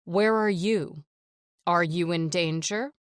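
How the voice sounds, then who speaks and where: A woman doing a calm, steady emergency operator. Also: on the low side, slow, dry recording, clean studio sound. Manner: steady and controlled. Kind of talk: audiobook character voice.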